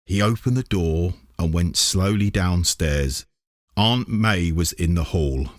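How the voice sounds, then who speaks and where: A man calmly reading a classic children's storybook aloud. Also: deep voice, slow pace, dry recording, clean studio sound. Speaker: reader. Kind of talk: storybook narration.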